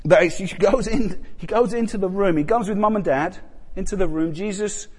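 A man preaching a sermon in a conversational way, repeating phrases for emphasis and swinging between loud, intense passages and quiet ones. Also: high voice, normal speed, husky. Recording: long reverb of a large hall.

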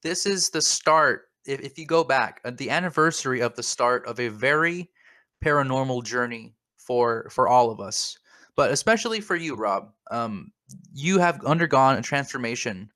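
A man's voice: medium pitch, animated, moderate pace, pushed and bright, no echo, studio quality. A man co-hosting a comedic podcast, rambling in a mock-earnest way and repeating his words. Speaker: podcast co-host.

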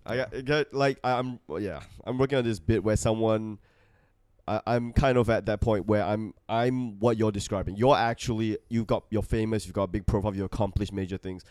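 A man's voice: lowish voice, fairly quick, a little mellow, clear, resonant tone, no echo, clean studio sound. A young Australian man hosting a podcast, talking in a rambling, self-deprecating way with a stuffed nose and frequent laughs. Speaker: podcast host. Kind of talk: casual chat.

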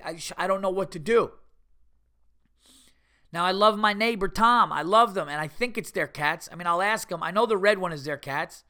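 A middle-aged man talks straight into a podcast mic, swearing freely as he tells stories. His voice sits a little high for a man and sounds bright, with a forward edge to it. It comes across as a loose, animated solo monologue. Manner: profane, animated storytelling. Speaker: podcast host.

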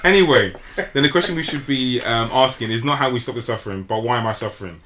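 Bright-toned man for a rambling casual podcast chat. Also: medium pitch, fast talker, a little hiss or hum. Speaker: book club member.

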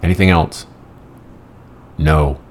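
A man's voice: extremely low pitch, steady tone, slow, slight background noise. A middle-aged man telling casual, rambling anecdotes in a wry, profane manner. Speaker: storyteller.

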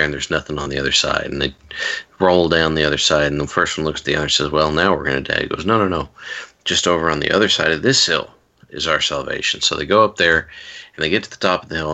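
A man's voice: extremely low pitch, creaky, pushed and bright. A man telling rambling stories in a casual chat, with wry asides and frequent restarts.

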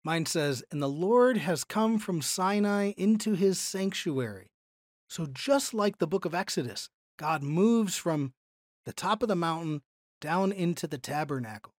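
A man teaching a Bible lesson, explaining verses slowly and deliberately and lifting his voice for emphasis. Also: sits high, lively intonation, dry recording, clean studio sound. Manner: explanatory, slow and deliberate, voice lifts when emphasizing.

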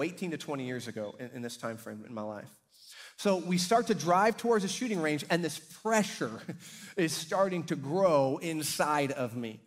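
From the pulpit of a church hall, a middle-aged pastor delivers a sermon full of stories in a fairly high, bright-edged voice. He animatedly acts out his characters and shouts when the story reaches its climaxes.

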